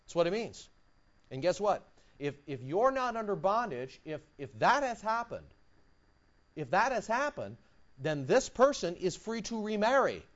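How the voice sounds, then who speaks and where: A male pastor preaching a sermon, acting out quotes and swinging from quiet asides to loud, high bursts. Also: big pitch swings, unhurried. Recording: dull lo-fi recording.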